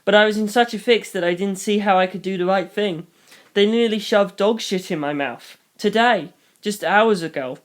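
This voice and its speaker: A reader narrating a novel in first person, brisk with wry asides. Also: mid-range voice.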